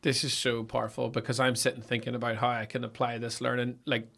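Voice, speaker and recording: Guy hosting a podcast, medium voice, musing out loud as he asks. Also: mid-range voice, level tone, fast talker, gravelly. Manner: thoughtful, thinking aloud with restarts. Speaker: podcast host. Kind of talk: podcast interview.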